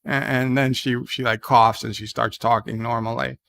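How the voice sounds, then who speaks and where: Man, gravelly, rambling recap, lots of ums and restarts. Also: mid-range voice, flat delivery, moderate pace, a bit bright. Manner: rambling, with many fillers and restarts. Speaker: show reviewer. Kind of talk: casual recap of a TV episode.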